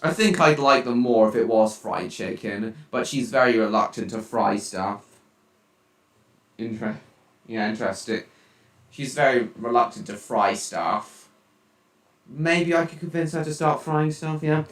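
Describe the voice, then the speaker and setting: A teenage boy live streaming from home, chatting casually and reacting out loud to his viewers' chat messages. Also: medium pitch, measured pace. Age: teens. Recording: roomy, distant mic.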